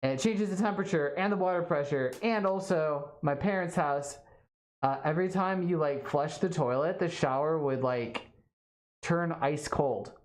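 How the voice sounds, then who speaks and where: Chatty low-voiced young woman streamer. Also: moderate pace, a little mellow. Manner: chatty, lots of fillers like "like" and "um". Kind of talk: casual live-stream chat reading viewer comments.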